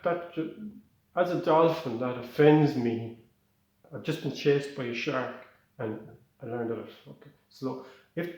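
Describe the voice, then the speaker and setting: A man's voice: medium pitch, a little mellow, heavy reverb, natural voice. A man voicing a stressed, out-of-breath male dolphin who rants and swears.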